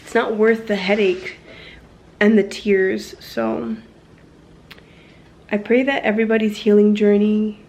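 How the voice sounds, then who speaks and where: A woman's voice: mid-range voice, flat delivery, a little slow, long pauses, darkish tone. A young woman talking candidly to a phone camera at home in a personal vlog, frank and rambling, swearing casually as she goes. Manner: rambling with fillers and self-corrections. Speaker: vlogger.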